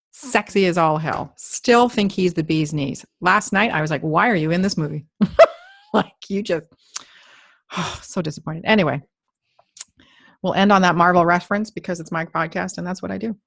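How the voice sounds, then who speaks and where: A middle-aged woman hosts a podcast in a loose, joking way and swears now and then. Her voice sits a touch low for a woman. The sound is dry and close, with no room in it. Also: moderate pace, long pauses, fairly bright tone, no room sound. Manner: chatty, jokey, swears casually. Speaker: podcast host. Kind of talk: casual interview chat.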